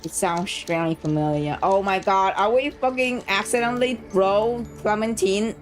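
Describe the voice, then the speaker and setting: A woman streamer reading a story game aloud, reacting excitedly and swearing freely between lines. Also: mid-range voice, moderate pace, soft background music.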